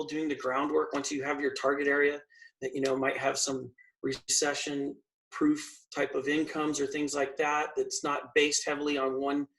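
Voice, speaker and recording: A man's voice: fairly high pitch, fairly bright tone, recorded from a distance, low-quality recording. A man talking casually as an interview guest, giving earnest advice with frequent restarts. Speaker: guest, firefighter and real estate investor.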